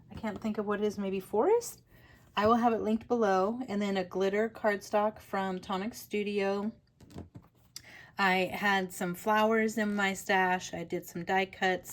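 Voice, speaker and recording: A woman hosting a casual papercraft tutorial, chatty and rambling, often laughing between thoughts. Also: medium pitch. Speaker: papercraft channel host. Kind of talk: casual crafting tutorial chat.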